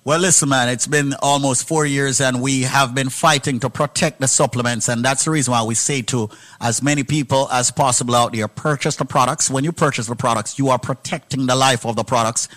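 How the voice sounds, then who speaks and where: A man hosting a call-in radio show, asking callers questions with energetic enthusiasm. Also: medium pitch, a little fast, hardly any pauses. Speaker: radio host.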